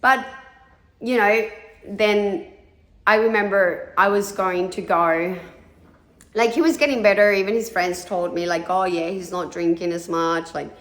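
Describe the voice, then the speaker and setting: A woman in her thirties speaks in a middle pitch, telling her own story in a candid, confessional way. She is frank and blunt, swears freely and acts out the voices of people she quotes. The sound has a noticeable room echo around it. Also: unhurried, a bit bright. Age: 30s. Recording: echoey room.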